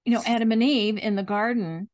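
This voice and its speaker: A woman hosting a chat, calmly explaining forgiveness in a measured, teaching way. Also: on the high side. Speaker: host, Christian speaker.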